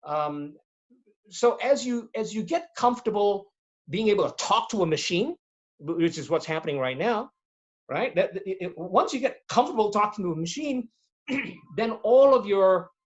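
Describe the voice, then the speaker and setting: Animated man giving webinar advice. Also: high-pitched, muffled recording. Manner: animated, demonstrates tones and voices while explaining. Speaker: guest speaker on presentation skills. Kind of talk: webinar interview answers. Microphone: video call.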